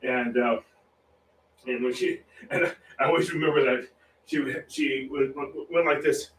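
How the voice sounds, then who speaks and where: A man's voice: a little high, normal speed, pushed and bright, distant mic. A man chatting casually while he paints on a livestream, rambling with frequent restarts and chuckles. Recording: roomy echo, voice a little off-mic, faint room noise.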